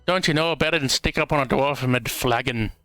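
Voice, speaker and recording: A man doing a gruff dwarf with a clumsy put-on accent. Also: medium pitch, fairly quick, bright, forceful tone, faint music behind. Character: gruff hardy dwarf hunter, brash and blunt.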